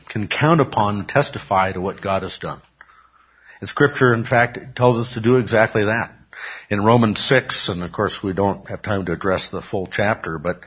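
A man with a low, husky voice delivers a sermon-style Bible lesson, pressing his points and answering his own questions. The recording is dull and lo-fi. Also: lively intonation, normal speed. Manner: emphatic, asks the room questions and answers them. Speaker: pastor teaching a Bible class.

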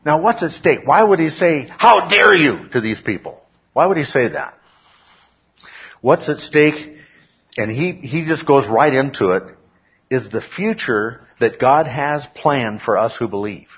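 Husky male pastor preaching. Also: medium pitch, lively intonation, a little slow, muffled recording. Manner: peppers talk with "okay?", rises to emphatic shouts. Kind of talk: sermon. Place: church.

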